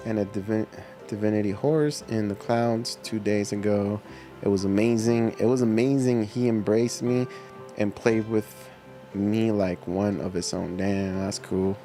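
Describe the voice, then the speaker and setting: A man's voice: on the low side, fairly even intonation, measured pace, mellow, soft background music. A middle-aged man hosting a livestream, chatting casually with viewers in a laid-back, slangy way and laughing often. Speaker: livestream host reading chat. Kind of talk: casual chat reading viewer comments.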